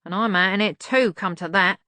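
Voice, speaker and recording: A woman voicing a cranky, fretful old male servant who complains in a high squawk. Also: brisk, pushed and bright, dry recording, close to an everyday voice.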